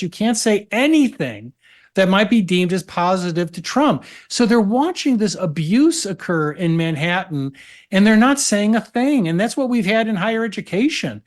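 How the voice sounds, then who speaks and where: A man appearing as a legal analyst guest on a talk show, making his argument in a measured way. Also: high-pitched. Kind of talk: political talk show conversation.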